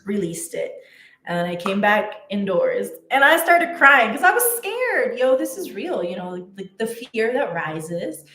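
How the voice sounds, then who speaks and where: Woman, casual storytelling, chatty, lots of fillers, slow, echoey room. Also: medium pitch, sing-song, a bit bright. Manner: chatty, many fillers and restarts. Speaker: spiritual content creator.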